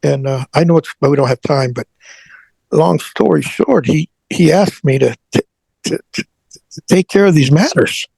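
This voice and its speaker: A man's voice: a little high, normal speed, creaky, darkish tone, husky, no room sound. A man who is a guest on an interview show, telling a personal story earnestly and often repeating his words.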